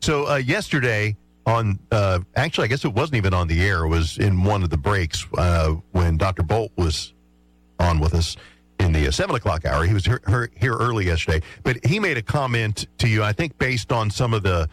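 A man co-hosting a radio talk show, chatting casually with many pauses and restarts. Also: fairly low pitch, animated, no room sound, soft background music, poor audio. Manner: hesitant, full of fillers and restarts. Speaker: radio co-host. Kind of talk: casual on-air chat.

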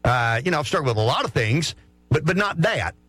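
Lively Southern man spinning radio stories. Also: on the high side, fairly quick, dry recording, soft background music. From South Carolina. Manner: animated, chatty, acts out voices in his stories. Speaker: radio co-host. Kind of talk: casual radio storytelling.

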